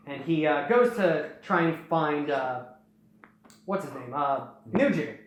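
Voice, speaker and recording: A young man hosting, casually recapping a story in a rambling way and slipping into quick snippets of character dialogue. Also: fairly high pitch, expressive. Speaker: host. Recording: very echoey room.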